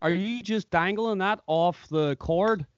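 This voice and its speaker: A man with a high voice for a man teases and laughs through a casual chat as the interviewer. His audio comes through dull and lo-fi. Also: slow.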